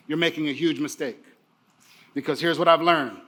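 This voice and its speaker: A middle-aged man delivers a motivational keynote in a bright, high voice. He is emphatic and repeats his key phrases over and over so the audience remembers them. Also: moderate pace. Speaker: keynote speaker.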